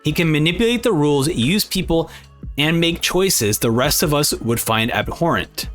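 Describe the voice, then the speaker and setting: A young man talks through an anime episode in an excited, playful way. His voice sits a bit high and swings widely in pitch. Faint music plays underneath. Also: normal speed. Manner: animated, reads lines aloud in silly voices. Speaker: anime reaction host. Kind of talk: excited reaction commentary.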